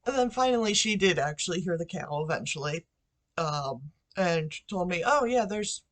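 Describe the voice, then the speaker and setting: A woman's voice: lowish voice, moderate pace. A woman vlogging from her bedroom into a computer microphone, telling a story casually with lots of fillers and side remarks. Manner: rambling, chatty, with asides and fillers. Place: bedroom at home.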